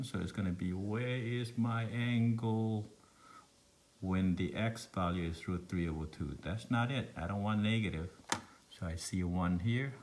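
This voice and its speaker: A man from Laos with a thick Lao accent, a math teacher thinking aloud through a recorded online lesson with meandering, self-deprecating asides. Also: low voice.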